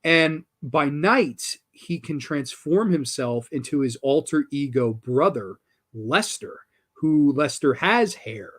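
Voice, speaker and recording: A man's voice: a little high, animated, slow, a bit bright. A man hosting a horror film review show, talking casually and enthusiastically, with casual swearing and lots of restarts.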